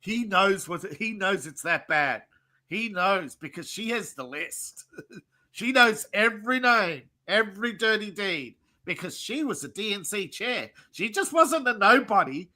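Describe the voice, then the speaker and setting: High, very bright-voiced man. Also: animated, a little slow. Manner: opinionated, chuckling asides. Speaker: podcast co-host. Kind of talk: casual livestream chat.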